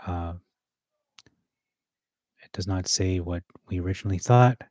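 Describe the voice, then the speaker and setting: A man rehearsing a sermon, reading scripture aloud and pausing with fillers and self-corrections. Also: low-pitched, warm tone, no room sound. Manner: reads verses aloud, with hesitant fillers and self-corrections between. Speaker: preacher.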